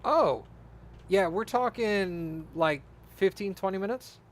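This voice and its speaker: A man's voice: high-pitched, animated, slow pace. A man streaming a game, chatting casually and laughing his way through a story. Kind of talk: casual chat while gaming.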